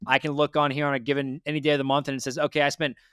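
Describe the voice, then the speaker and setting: A man's voice: medium pitch, flat delivery, racing, fairly bright tone, smooth, dry recording, studio quality. A man hosting a debt interview, giving blunt, lecturing advice and repeating his points. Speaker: financial advice host. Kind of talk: direct money coaching.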